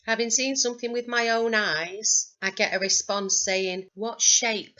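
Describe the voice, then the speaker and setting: A woman's voice: fairly high pitch, steady tone, normal speed, pushed and bright, muffled recording. A woman with a Northern English accent, presenting her paranormal recordings in a chatty, wry commentary. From north of England. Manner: chatty and wry, dry humour. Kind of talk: narrated commentary over recorded clips.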